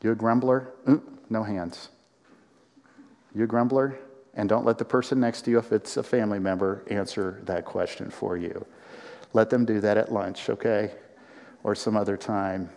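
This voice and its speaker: A man preaching a sermon to a congregation, animated, with acted-out quotes and rising emphasis. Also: fairly low pitch, normal speed, in a large hall. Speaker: pastor.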